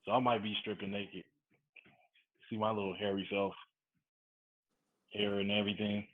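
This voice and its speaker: A man chatting casually on a trading stream's voice call, dropping dry deadpan quips. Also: on the low side, normal speed, narrow, tinny audio. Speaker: stream chat participant. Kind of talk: casual voice chat.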